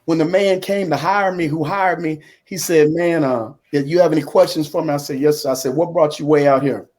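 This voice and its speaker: A man's voice: a little high, steady tone, a little fast, darkish tone. A man in his fifties, a guest talking casually about his life. He acts out conversations and keeps saying "man" as he goes. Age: 50s. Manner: acts out dialogue, drops in "man" a lot. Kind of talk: conversational storytelling. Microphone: computer on a video call.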